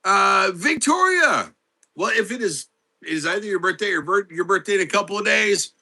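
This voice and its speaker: A man's voice: high-pitched, expressive, moderate pace, bright, forceful tone, breathy edge. A middle-aged man hosting a casual live stream. He chats with viewers, greets them by name and answers their questions. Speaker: livestream host.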